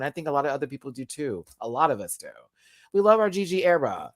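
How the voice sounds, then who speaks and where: A man giving a live episode review in a sassy, chatty way, full of drag slang and quick laughs. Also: fairly high pitch, sing-song, dry recording. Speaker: YouTube reviewer.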